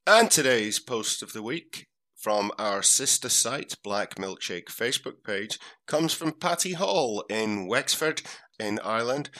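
A man's voice: fairly low pitch, sharp tone. A man hosting a comic podcast in a casual chat, reading listener letters aloud and chuckling now and then. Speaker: podcast host.

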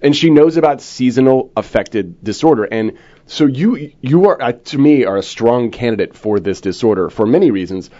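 A man's voice: medium pitch, expressive, normal speed, dark tone, dull audio. A middle-aged man co-hosting a casual chat, teasing his partner and laughing often. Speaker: podcast co-host.

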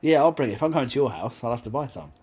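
Husky-voiced guy bantering on a podcast, dry teasing. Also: mid-range voice, animated, very fast, darkish tone. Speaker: podcast co-host. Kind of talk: casual chat.

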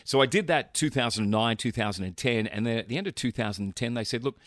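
A man's voice: mid-range voice, fast, fairly bright tone, no echo, clean studio sound. A middle-aged Australian man, a sports announcer, telling stories as a guest in a casual chat.

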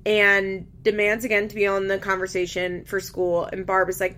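A woman's voice: mid-range voice, completely flat delivery, normal speed, a bit bright. A young woman chatting casually as she recaps a reality show, candid, laughing often and swearing freely. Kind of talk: casual chat.

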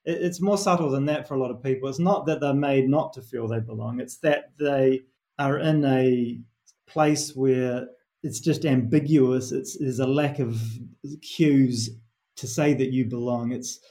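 A man's voice: mid-range voice, measured pace, dark tone. A middle-aged man with a New Zealand accent, a performance coach telling stories in an earnest, reflective interview answer with frequent restarts.

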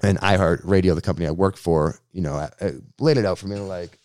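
A man from Boston, a radio host, telling his story in a casual interview with a slangy, lively way of talking. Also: deep voice, fast, no echo, studio quality.

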